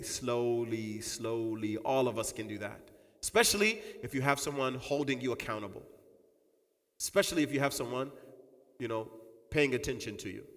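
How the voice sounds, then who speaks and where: Man teaching in a mosque, lively swooping voice, conversational asides, long hall echo. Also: sits high. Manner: animated, repetitive, conversational, with asides. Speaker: Islamic teacher. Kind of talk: mosque lecture.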